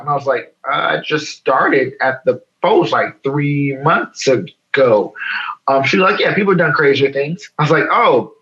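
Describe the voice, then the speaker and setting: Animated storytelling man from Chicago. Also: mid-range voice, lo-fi sound. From Chicago, South Side. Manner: animated, fast storytelling with quoted dialogue. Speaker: guest, photo editor. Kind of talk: casual storytelling interview.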